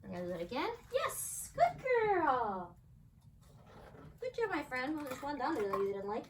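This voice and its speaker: Lively woman dog trainer, from afar. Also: rapid-fire. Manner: upbeat, praising dogs in high bursts. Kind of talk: hands-on training demo. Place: indoors at home with dogs. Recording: voice from a distance, faint background noise.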